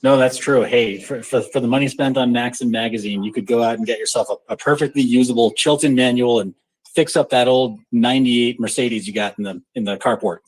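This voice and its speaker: A man hosting a casual live audio chat, joking and animated as he talks. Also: medium pitch, brisk, slightly rough, poor audio. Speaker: show host.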